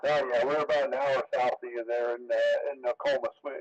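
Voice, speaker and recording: A man chatting casually on a ham radio net, halting often with fillers. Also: mid-range voice, level tone. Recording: muffled radio audio.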